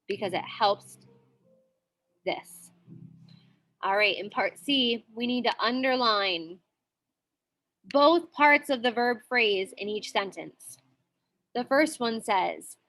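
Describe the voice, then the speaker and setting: A woman's voice: a little high, sharp tone. A woman teaching a grammar lesson in a classroom, patient and repetitive, checking in often with the students. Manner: patient, repeats with frequent "okay?" checks.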